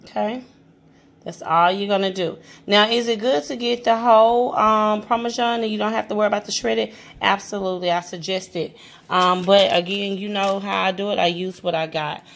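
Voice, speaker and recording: A woman's voice: mid-range voice, steady tone, normal speed, creaky, fairly bright tone. Chatty woman giving a home cooking tutorial. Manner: chatty, addresses viewers as guys, some stammering. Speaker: cooking vlogger.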